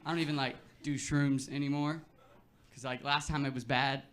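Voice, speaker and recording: A man's voice: mid-range voice, level tone, normal speed, a bit bright. A young man doing a stand-up set on a club stage, talking in a loose, laid-back way full of filler words, with the audience laughing. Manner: laid-back, filler-heavy delivery with frequent "like" and "you know". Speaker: stand-up comedian.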